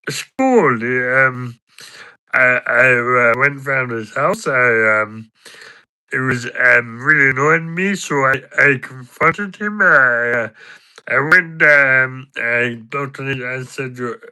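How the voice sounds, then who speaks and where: A man doing a comic impression of an excitable, swearing man ranting about being scolded, stammering as he goes. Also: mid-range voice, slow pace, clear, resonant tone, poor audio. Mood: indignant.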